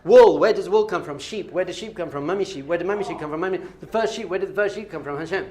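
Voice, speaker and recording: A middle-aged man, teaching a lively class as a rabbi and quizzing his students with playful questions. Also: sits high, fast. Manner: animated, playful, quizzing the audience.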